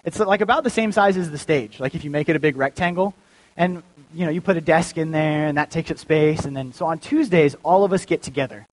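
A man's voice: a little high, fairly quick, rough recording. A young man giving a casual, joking sermon as a youth pastor, full of fillers and restarts. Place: church.

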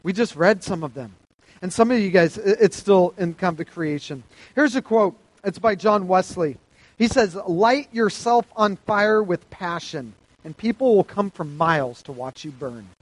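A man delivering a sermon in a fairly high voice, animated and emphatic as he reads scripture aloud. The sound is dry and close, with no room echo. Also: moderate pace. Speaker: preacher.

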